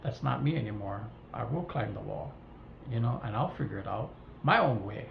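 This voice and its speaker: The kitchen vlog features a gravelly, extremely low-pitched woman from Hawaii, her English carrying a Hawaiian Pidgin tinge, talking at a moderate pace. She rants casually and acts out each line of dialogue in animated fashion; the audio is roomy, a bit dull, and faintly hissy.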